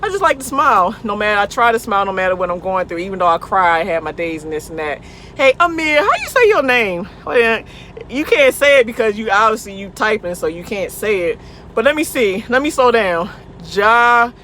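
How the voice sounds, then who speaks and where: A woman's voice: fairly high pitch, fairly bright tone. A woman truck driver chatting casually and playfully with her livestream viewers, speaking into a phone. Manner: playful, goofy, talks back to viewers' comments. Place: outdoors by a truck at night. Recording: faint outdoor vehicle noise.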